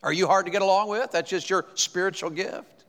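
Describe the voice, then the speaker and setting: A man preaches a revival sermon with a slightly high voice. He talks in a folksy way, repeats words as he goes and moves from booming appeals to quiet asides. His voice rings with the long reverb of a church hall. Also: fairly even intonation, brisk. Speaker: pastor.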